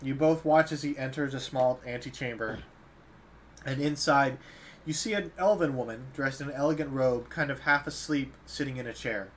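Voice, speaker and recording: Young male dungeon master, casual narrator, mid-pitched, faint background noise. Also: moderate pace. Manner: laughs easily, loose casual narration. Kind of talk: narrating a tabletop game.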